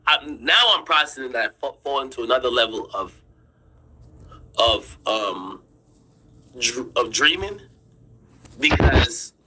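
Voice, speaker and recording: A man with a sharp, husky voice, insistent. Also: medium pitch, rough recording. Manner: insistent, repeats himself, swears freely; draws on screen while explaining. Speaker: streamer and commentator. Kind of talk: casual storytelling to viewers.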